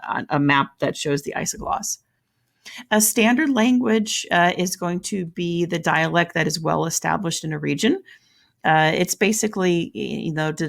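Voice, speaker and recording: Low creaky-voiced Southern woman teaching. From American South. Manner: chatty, self-correcting explanations. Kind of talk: recorded video lesson.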